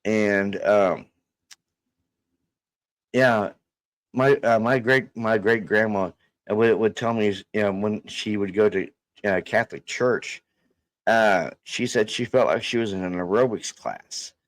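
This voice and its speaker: A middle-aged man telling stories in a halting, rambling way, restarting his sentences often. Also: on the low side, no echo. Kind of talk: casual storytelling chat.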